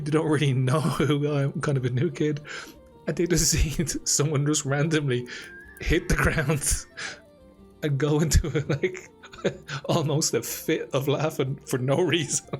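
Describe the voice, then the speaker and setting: A man's voice: a little high, darkish tone. An Irish man, host of a gaming channel, casually tells a rambling story over gameplay and laughs often. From Ireland.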